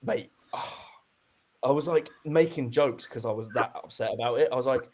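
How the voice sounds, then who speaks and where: A man's voice: medium pitch, normal speed, a little mellow. A young man co-hosting a podcast, chatting casually and animatedly and swearing freely. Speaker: podcast co-host. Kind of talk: casual chat.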